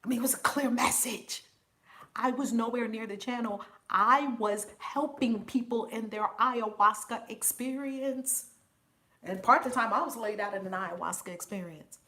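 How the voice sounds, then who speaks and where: Bright-voiced, animated woman livestream host. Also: fairly high pitch, moderate pace. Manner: animated, laughs often, talks to chat viewers by name. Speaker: host and spiritual teacher. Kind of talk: casual live-stream talk.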